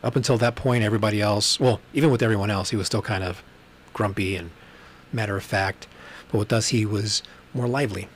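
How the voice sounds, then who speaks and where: A man talks on a solo livestream from a room at home, his voice sitting a little low. He rambles through his stories with plenty of filler and blunt swearing. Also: fairly even intonation, brisk, slight background noise. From Texas. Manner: rambling, profane storytelling with frequent ums. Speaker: podcast host. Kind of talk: casual solo livestream monologue. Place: room at home with books behind him. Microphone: webcam livestream, on camera.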